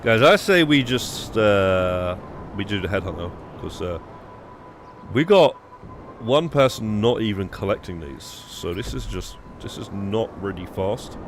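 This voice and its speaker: A man's voice: fairly low pitch, lively intonation, unhurried, slight background noise. A young British man streaming a game, chatting casually and rambling with restarts and swearing. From United Kingdom. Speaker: live streamer. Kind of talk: casual gaming stream chat.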